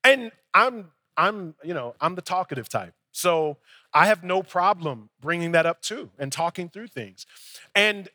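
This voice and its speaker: A man's voice: sits high, animated, unhurried, pushed and bright, no echo. A young adult male pastor preaching a sermon in a conversational storytelling way, acting out both sides of his dialogues.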